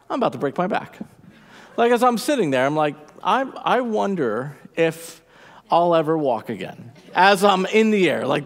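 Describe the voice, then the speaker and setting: A male pastor preaching a sermon, telling a story with lively energy and laughing at himself. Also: fairly high pitch. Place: church auditorium. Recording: church hall reverb.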